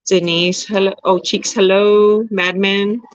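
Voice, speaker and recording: A woman's voice: medium pitch, flat delivery, slow, dry recording. Woman in her forties, livestream host, candid and casual, laughs a lot, dry close sound with a dull edge. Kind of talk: casual livestream chat reading comments.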